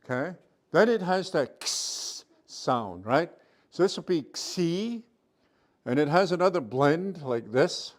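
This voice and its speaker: A man teaches a language class over a video call, talking at an unhurried pace. His voice sits a bit high for a man. He repeats each sound several times and keeps checking that everyone is following. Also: animated. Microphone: computer mic on a video call.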